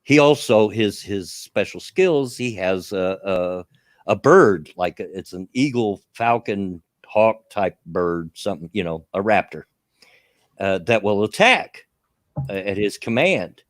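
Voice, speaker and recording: A Southern US man chatting casually on his stream, rambling and chuckling as he goes. His pitch swings lively up and down around a middling register. The sound is dry and close. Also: takes it slowly, dry recording. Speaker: streamer hosting a chat show. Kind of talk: casual chat.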